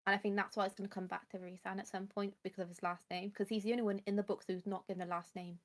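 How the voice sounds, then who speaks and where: A young woman streaming and chatting casually about books. She talks at length and rambles as she explains things, in a voice of ordinary pitch for a woman. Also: little pitch movement, very fast.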